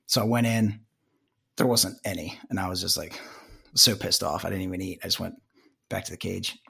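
A man's voice: low voice, fairly quick, vocal fry, sharp tone, breathy edge. A young man, a former army medic, casually telling stories on a podcast and laughing at his own punchlines. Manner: laid-back anecdotes, laughs at own punchlines. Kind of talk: casual storytelling.

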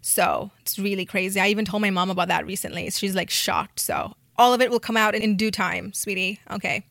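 A woman's voice: mid-range voice, fairly even intonation, a little fast, vocal fry, a bit bright, no echo, clean studio sound. Tired young woman rambling in bed. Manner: rambling, profane, full of "like". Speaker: podcast host. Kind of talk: casual chat. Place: lying in her bed.

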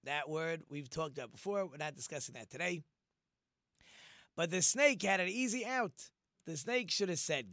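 A man with a rather high voice gives an informal Torah lesson. He talks in an animated way and acts out quoted speech in different voices. The recording is dry and close. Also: moderate pace, no room sound. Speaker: Torah teacher.

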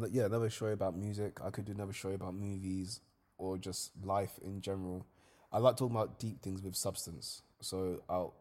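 Young guy, solo podcast host, low voice, laid-back slangy storyteller. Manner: casual slangy storytelling, lively when reliving events.

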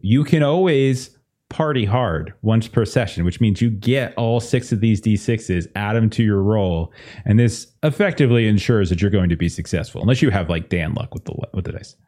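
A male game master narrating a tabletop game with lively, swooping intonation. He rambles through explanations and laughs often. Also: on the low side, moderate pace.

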